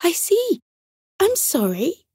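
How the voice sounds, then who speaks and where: A sweet little nightingale from a bedtime storybook, as a woman narrator puts her on, her voice lifted high and light. She speaks softly and apologetically, and the sound is intimate and dry. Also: animated, takes it slowly, no room sound. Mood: apologetic. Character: sweet, shy female nightingale songbird.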